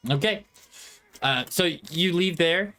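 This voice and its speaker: A man narrating as game master, speaking haltingly with many fillers and frequent laughs. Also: sits high, pushed and bright.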